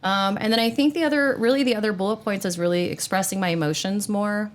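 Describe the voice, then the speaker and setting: A woman's voice: medium pitch, quick pace. A woman hosting a podcast, talking earnestly in casual spiritual chat, rambling with plenty of fillers. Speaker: podcast host.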